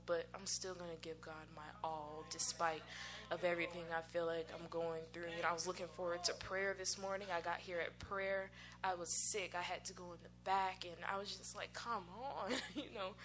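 A woman's voice: fairly low pitch, fairly bright tone, slight background noise. An American woman speaking in church, sharing a personal testimony in a candid, conversational way and laughing at herself. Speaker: church musician and worship singer. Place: church sanctuary. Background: music.

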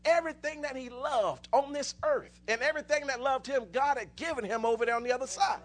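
Preacher man, real high voice, rambly storytelling sermon, gets fired up. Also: a little fast, fairly bright tone. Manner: rambling storytelling with many restarts, rising to fervent exclamations.

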